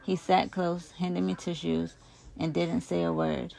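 A woman reads a first-person novel aloud, her voice low-pitched and full of gravelly fry. She reads expressively, getting louder when the characters shout. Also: steady tone, measured pace. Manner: emotive, raises volume for shouted lines. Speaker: audiobook reader.

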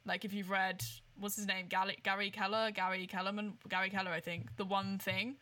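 A woman's voice: mid-range voice, level tone, fairly quick, sharp tone. A woman hosting a podcast interview, encouraging her guest and drawing lessons out of the guest's story in a casual way. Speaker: podcast host.

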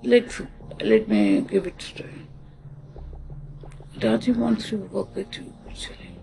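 Gravelly, lively Indian English storyteller. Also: medium pitch. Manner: halting, restarts often, switches into Hindi. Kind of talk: casual spoken storytelling, acting out dialogue. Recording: music playing behind the voice.

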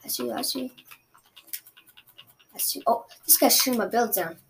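Excitable young woman trash-talking mid-game. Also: fairly high pitch, normal speed, vocal fry, a little hiss or hum. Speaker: gaming streamer. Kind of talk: live gameplay commentary.

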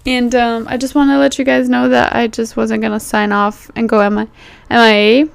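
A woman's voice: fairly high pitch, flat delivery, moderate pace, gravelly, clear, resonant tone. Chatty young woman podcast host. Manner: chatty, playful, addresses listeners as bestie. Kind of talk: casual chat. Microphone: phone voice memo.

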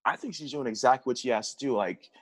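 A man talking as a guest in a casual chat about fights, excitable, laughing, using lots of slang. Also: medium pitch, fast talker, dry recording. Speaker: podcast guest.

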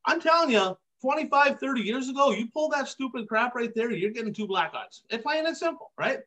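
A man's voice: extremely high pitch, expressive, brisk, pushed and bright. A man hosting a racing podcast, ranting emphatically in casual commentary and hammering his points with repeated catchphrases. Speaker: podcast host. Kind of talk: heated casual commentary on dirt track racing.

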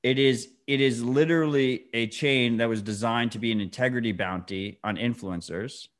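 Thirties guy on a podcast, mid pitch, blunt, gets heated, swears a lot. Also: normal speed. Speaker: podcast co-host. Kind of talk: casual chat.

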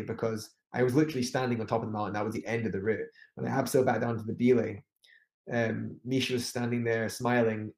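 Homme écossais au récit hésitant, pièce sonore. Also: male voice, medium pitch, a little mellow, reverberant. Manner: rambling with many restarts and fillers. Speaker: climber guest. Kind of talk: casual interview storytelling.

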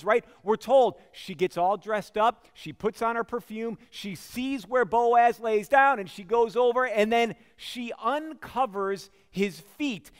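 A man's voice: high voice, in a large hall. A man preaching a sermon as a pastor, telling the story in a conversational way with frequent asides to the congregation.

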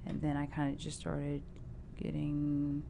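A woman's voice: deep voice, completely flat delivery, unhurried, creaky, mellow, slight background noise. A woman actor being interviewed, chatting casually and stopping often to restart her thoughts. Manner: chatty, with many fillers and restarts. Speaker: actor guest.

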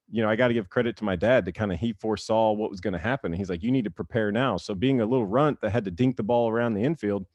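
A man's voice: lowish voice, no room sound. A man in his thirties, a former baseball player, telling stories casually in an interview and acting out the quotes. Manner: animated storyteller, acts out quotes, laughs often.

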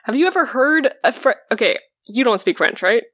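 A woman from Canada, a podcast guest chatting casually, relaxed and hesitant with fillers. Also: fairly high pitch, brisk, dry recording, clean studio sound. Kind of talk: casual chat.

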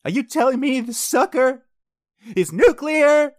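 A man doing an impression of a panicky teenage boy from a time-travel film, yelling in disbelief. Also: very high voice, animated, a little slow, dry recording, studio quality, pitched above the performer's own voice. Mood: alarmed. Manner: yelling, incredulous.

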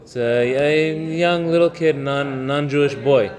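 A man giving an informal Torah lesson, talking conversationally, mixing in Hebrew terms and telling stories with halting fillers. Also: a little high, a little mellow. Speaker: Torah class teacher. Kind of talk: informal religious lesson with storytelling.

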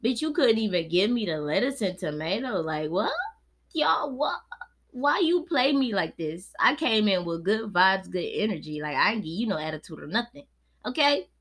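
A woman, hosting a podcast and telling a story in a casual, profane, animated way that swings between laid-back and heated. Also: mid-range voice, normal speed. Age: 20s. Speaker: podcast host.

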